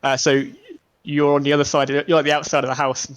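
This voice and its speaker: A man's voice: a little high, level tone, fast talker, fairly bright tone, clear, resonant tone, no echo. Man narrating a tabletop game. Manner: hesitant, many fillers. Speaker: game master. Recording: dull lo-fi stream audio.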